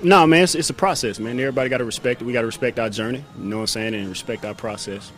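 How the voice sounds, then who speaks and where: A man's voice: mid-range voice, rapid-fire, fairly bright tone. A man in his thirties, a pro football player giving laid-back interview answers and often saying "man" and "you know what I'm saying".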